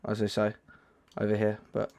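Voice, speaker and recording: A man's voice: fairly low pitch, monotone, moderate pace, gravelly, a little mellow. Rambling male gaming streamer. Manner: rambling, full of "like" and restarts. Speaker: livestream host. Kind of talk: casual gaming chat.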